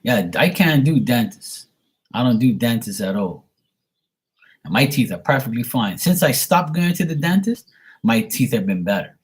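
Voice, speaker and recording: Husky forties male host, profane ranting talker, mid-pitched, live-stream chat. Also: very animated, normal speed. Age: 40s. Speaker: live tarot reader.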